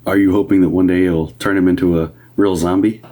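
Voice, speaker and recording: A man's voice: sits low, flat delivery, fairly quick, dark tone. A man doing live medium readings on a stream, talking casually and rambling with many fillers and restarts. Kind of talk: casual livestream talk.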